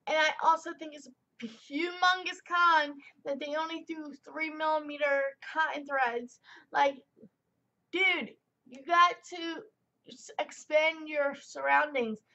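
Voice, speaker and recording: Young woman rambling on about a product, high voice with lots of fry, kinda dull lo-fi sound. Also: steady tone, slow pace, bright, forceful tone. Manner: rambling, chatty, fillers and tangents. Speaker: vape product reviewer. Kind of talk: casual product review vlog.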